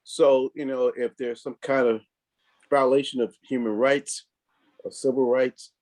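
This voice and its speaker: A man, a district leader, answering interview questions in a thoughtful, halting way full of fillers, troubled by allergies. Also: mid-range voice, steady tone. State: coughing from allergies.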